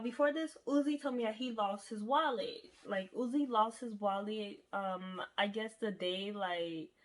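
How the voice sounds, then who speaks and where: A young woman casually telling a storytime to her viewers, chatty and profane, often calling them y'all. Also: on the high side.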